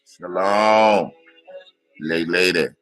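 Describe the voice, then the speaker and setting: Deep-voiced male stream host, unhurried, casual roll call of viewers' names. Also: a bit bright, soft background music. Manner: greets viewers by name one after another, stumbling over names and laughing at himself. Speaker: livestream host. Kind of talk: casual livestream greetings.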